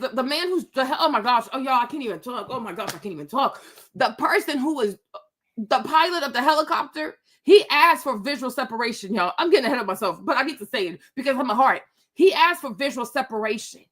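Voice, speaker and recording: A woman's voice: high-pitched, bright, forceful tone. A woman vlogger ranting in casual talk, exasperated and emphatic, repeating her points. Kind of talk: casual rant to camera.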